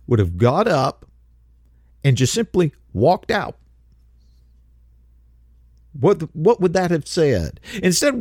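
This commentator has a fairly high, darkish voice, recorded cleanly in a studio with no room sound. His opinion monologue is heated and emphatic, full of mocking impressions of others, and when he gets worked up he stumbles into repeated words and restarts.

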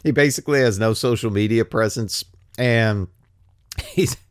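A man's voice: mid-range voice, measured pace, dry recording, studio quality. A man giving a rambling, sarcastic political monologue who laughs often. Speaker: political commentator.

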